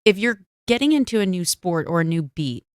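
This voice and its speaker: Smooth low-voiced woman telling stories. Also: very animated, brisk, no echo, clean studio sound. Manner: chatty storyteller, acts out quotes in voices. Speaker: guest, motorsports broadcaster. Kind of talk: casual interview chat.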